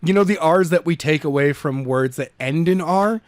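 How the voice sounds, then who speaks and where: A man's voice: fairly high pitch, normal speed, no room sound. A man with a New England accent, co-hosting a casual podcast, joking around and laughing often. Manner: playful, laughs often, jokey defensive. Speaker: podcast co-host and reader. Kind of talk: casual banter.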